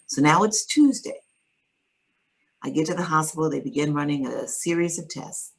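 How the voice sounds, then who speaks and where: A woman with a low, gravelly, husky voice speaks at normal speed as an interview guest. Calm and reflective, she recounts a personal story, though the audio is poor.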